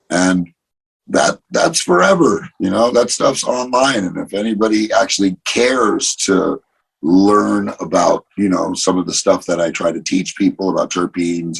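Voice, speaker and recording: Man, interview guest, low-pitched, gravelly, casual chat, swears a lot. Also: rough recording. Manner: swears freely, animated storytelling.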